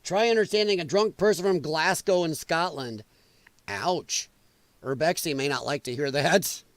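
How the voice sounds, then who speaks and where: An American man hosts a podcast livestream, rambling through casual commentary and reacting out loud to viewers in the chat. His voice is a little high and a bit bright, at normal speed, with no echo.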